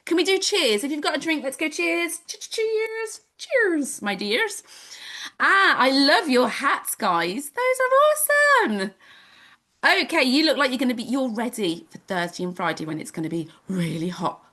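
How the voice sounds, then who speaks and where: Bubbly lady teaching kids on a video call, high voice that jumps all over. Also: normal speed. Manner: bubbly, animated, sing-song with kids. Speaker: home education teacher. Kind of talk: live online class for children.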